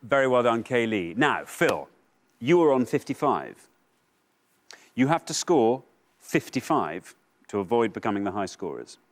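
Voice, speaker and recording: A man's voice: medium pitch, a little slow, long pauses. Man hosting a quiz show. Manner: upbeat, teasing, bursts of excitement on reveals. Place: television studio.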